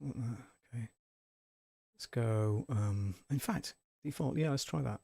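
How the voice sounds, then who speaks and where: A man's voice: mid-range voice, takes it slowly, gravelly, warm tone, slightly rough, no room sound. A man hosting a casual live-stream tutorial from a home studio, chatting and thinking aloud as he works. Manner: thinking aloud, chatty, with fillers and self-checks.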